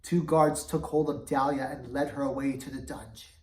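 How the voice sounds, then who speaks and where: A woman's voice: very deep voice, steady tone, normal speed. A woman reading a chapter book aloud with dramatic expression, in a roomy recording from a distance. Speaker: storybook reader. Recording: roomy, voice away from mic.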